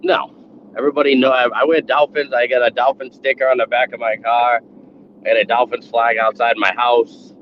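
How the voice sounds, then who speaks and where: A man's voice: medium pitch, level tone, a little fast, slight background noise. Boston-accented man, dull lo-fi audio. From New England, US. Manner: blunt, joking, insists he has no accent. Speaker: panel guest. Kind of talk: casual podcast chat.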